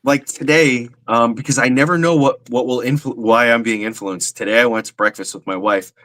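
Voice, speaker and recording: A man's voice: mid-range voice, fairly even intonation, brisk, a bit bright. A man co-hosting a podcast, telling a rambling anecdote with lots of fillers. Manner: rambling, self-deprecating, many fillers. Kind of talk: casual chat, anecdote.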